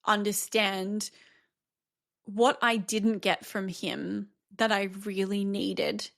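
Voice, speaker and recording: A woman's voice: mid-range voice, steady tone, slow, creaky, a bit bright. A woman in her thirties hosting a podcast, talking candidly and thoughtfully about her own life. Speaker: podcast host. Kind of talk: solo reflective podcast talk.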